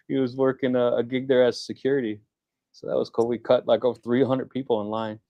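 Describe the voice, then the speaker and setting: A middle-aged man speaks briskly while co-hosting a relaxed maker livestream, trading stories and acting out quoted voices. His voice sits mid-pitch, and the close, dry recording has no echo.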